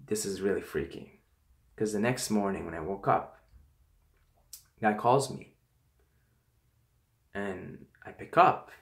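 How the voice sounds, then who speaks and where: A man casually telling personal stories to camera. He talks in an animated way, swears often and acts out what people said. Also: lowish voice. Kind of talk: casual storytelling. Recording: echoey room.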